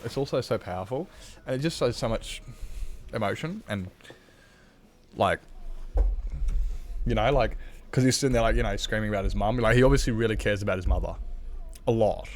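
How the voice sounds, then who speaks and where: A man chatting casually on a live game stream, rambling and candid, swearing freely and dropping lots of fillers. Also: fairly low pitch. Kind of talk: casual live-stream chat while gaming.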